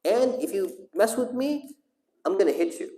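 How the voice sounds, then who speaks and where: A man's voice: mid-range voice, fast talker, mellow, close to an everyday voice. A man voicing a stern, angry father who threatens and dismisses his son, in an echoey hall. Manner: harsh, dismissive.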